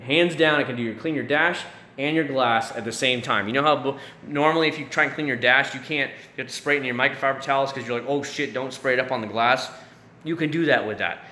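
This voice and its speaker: A man's voice: medium pitch, fast talker, pushed and bright. A man in his thirties from Florida, hosting a casual live stream, chatting with viewers in a rambling way full of restarts and fillers. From Central Florida. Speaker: YouTube live-stream host answering chat. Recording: echoey room with faint background noise.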